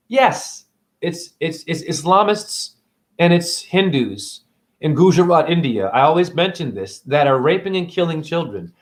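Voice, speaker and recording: A man's voice: on the high side, expressive, unhurried. A man vlogging a rambling spiritual monologue, preachy and profane. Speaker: spiritual video blogger.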